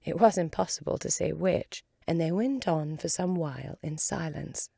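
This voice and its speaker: A woman reading a storybook aloud in a calm, measured way. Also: deep voice, gravelly, no echo, clean studio sound. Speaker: volunteer reader.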